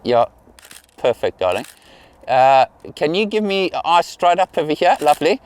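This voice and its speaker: This is a middle-aged man photographing a model outdoors in a field, guiding her poses and heaping identical encouragement on each one. He speaks at normal speed in a fairly high, very animated voice with a clean tone.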